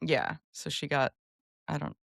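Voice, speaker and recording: A woman's voice: sits low, fairly even intonation, vocal fry, fairly bright tone, no echo, clean studio sound. Enthusiastic, rambling woman podcast co-host. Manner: enthusiastic, rambling, quick asides. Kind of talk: casual chat.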